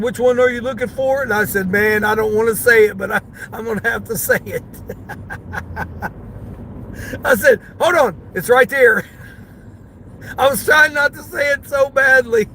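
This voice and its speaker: A man's voice: sits high, bright, forceful tone, a little hiss or hum. A middle-aged man, a delivery driver, telling a story to his viewers from his car, laughing often and talking to them by name. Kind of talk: casual storytelling while driving.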